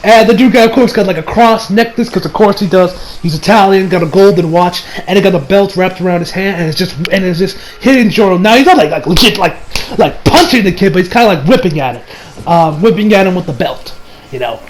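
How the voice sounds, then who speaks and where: A man's voice: high-pitched, fairly quick, slight background noise, poor audio. A young man giving a casual, rambling anime review, full of slang and frequent laughter.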